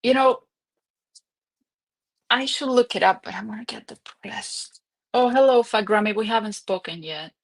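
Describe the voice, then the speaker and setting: Young woman rambling on a home livestream, chatty, laughs a lot. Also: on the high side. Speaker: livestream host. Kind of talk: casual livestream chat.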